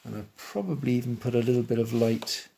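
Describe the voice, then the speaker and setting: A man's voice: medium pitch, steady tone, brisk, vocal fry, dark tone, slight background noise. A man giving a live drawing tutorial, thinking aloud and correcting himself as he sketches. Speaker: art teacher.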